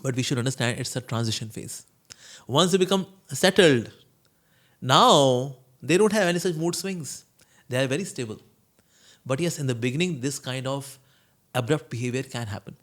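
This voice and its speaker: Monk giving spiritual advice. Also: male voice, medium pitch, animated, normal speed, a bit bright. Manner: storytelling, acts out quoted voices, chuckles. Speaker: monk answering questions. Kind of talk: conversational spiritual talk.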